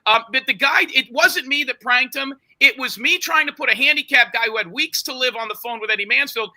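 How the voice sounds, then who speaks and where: High, bright-voiced man insisting on finishing. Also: brisk, poor audio. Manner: insistent, talks over others, retells calls with quoted voices. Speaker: show host under confrontation. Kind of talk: heated argument, storytelling.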